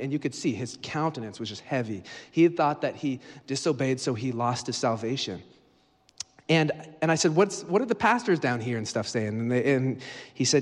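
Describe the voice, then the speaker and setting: A man's voice: mid-range voice, fairly quick. A man preaches a sermon, telling stories and voicing the people in them with building energy. His voice sits in a middle register. It rings out with a long reverb, as in a church sanctuary. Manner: storytelling, acting out dialogue with rising energy. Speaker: guest preacher.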